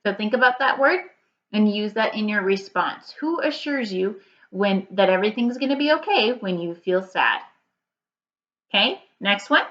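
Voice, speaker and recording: A woman teaching a first grade reading lesson to young children, giving slow, clear prompts and repeating her instructions. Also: mid-range voice, a bit bright, dull audio.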